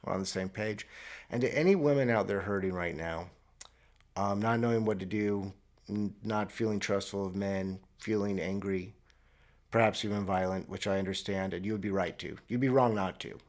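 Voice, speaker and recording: Podcast host, thirties, deadpan and sarcastic, restarts a lot, lowish voice. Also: male voice, moderate pace. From Florida. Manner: rambling with restarts, mock-earnest. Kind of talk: solo comedic monologue. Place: traveling abroad, recording alone.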